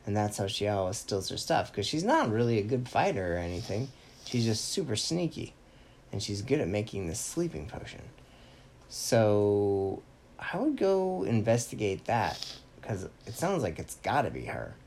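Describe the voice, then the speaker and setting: A man's voice: fairly low pitch, big pitch swings, normal speed, a little mellow, slight background noise. A man voicing a wise, friendly male ninja teacher who explains things in a knowing, upbeat way. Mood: explaining.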